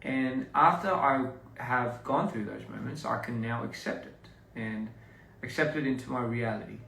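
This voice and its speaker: A man's voice: medium pitch, moderate pace, creaky, pushed and bright, a little hiss or hum. A young man, chatting casually to fans on a livestream, rambling with many restarts and fillers. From Australia. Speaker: performer talking to fans. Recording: roomy, somewhat distant phone audio.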